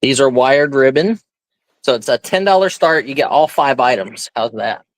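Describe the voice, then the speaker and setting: A man's voice: mid-range voice, moderate pace, dry recording. Chatty man hosting a live auction stream. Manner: chatty, rambling, explains items as he shows them. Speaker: auction host.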